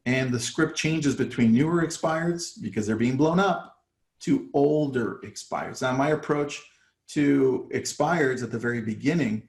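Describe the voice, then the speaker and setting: A man's voice: mid-range voice, normal speed, gravelly, roomy sound. A man coaching real estate agents in a casual live talk, acting out his phone calls with sellers. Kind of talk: live online training talk.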